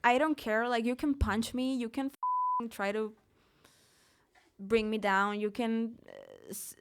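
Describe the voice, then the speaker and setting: A woman's voice: a little high, fairly even intonation, takes it slowly, clean tone. A young woman from Mexico, a singer, speaking openly and emphatically in a live interview, often restarting her words. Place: live event in a studio.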